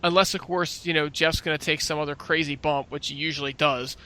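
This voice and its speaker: A man's voice: a little high, fairly even intonation, brisk, sharp tone. A man co-hosting a casual wrestling podcast, talking in an exasperated, opinionated way. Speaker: podcast co-host.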